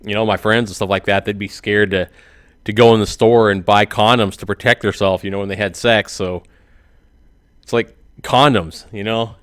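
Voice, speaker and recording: Rambling comic YouTuber, male, forties, lowish voice, dry close sound, chuckles at own punchlines. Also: fairly even intonation, moderate pace, no echo. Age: 40s. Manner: rambling, laughs at his own jokes. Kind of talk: joking comedic monologue.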